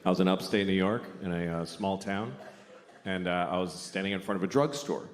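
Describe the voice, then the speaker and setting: A man's voice: low voice, fairly quick. A man performing a stand-up comedy set on stage, talking bluntly and profanely in a loose, conversational way with exaggerated rants. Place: theater stage before a laughing audience. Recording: reverberant live hall with crowd noise.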